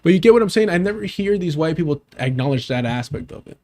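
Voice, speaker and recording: A man's voice: a little high, expressive, quick pace, dark tone. A man on a live stream arguing a point with pressing rhetorical questions. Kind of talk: streamed debate argument.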